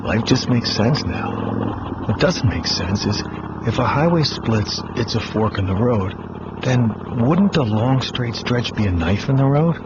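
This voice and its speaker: An actor playing a laid-back motorcycle rider wondering aloud, in a radio ad. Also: male voice, medium pitch, expressive, measured pace, lightly acted. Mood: musing. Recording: muffled radio ad with noise.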